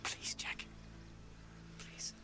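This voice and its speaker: A desperate man pleads in a faint, urgent whisper. His words come slow and breathy, barely voiced. It sounds like a tense film scene. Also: pushed and bright, full character voice. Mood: pleading.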